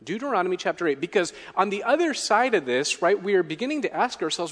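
A male pastor with a slightly high voice, preaching in a chatty, questioning way. He tags his points with quick asides and leans into quoted lines. The sound carries the long reverb of a large hall. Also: sing-song, fairly bright tone. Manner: conversational preaching, frequent "right?" tags, dramatic voicing of quotes. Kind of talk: sermon.

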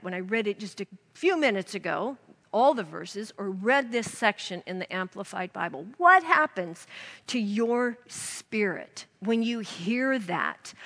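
A woman's voice: fairly high pitch, a bit bright, big-room sound. A woman giving an earnest devotional Bible teaching, reading scripture aloud to her listeners.

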